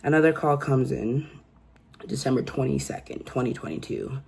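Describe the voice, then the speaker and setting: A woman's voice: a bass voice, moderate pace, gravelly, darkish tone, husky. A woman hosting a casual true crime recap and telling the story in a chatty, incredulous way.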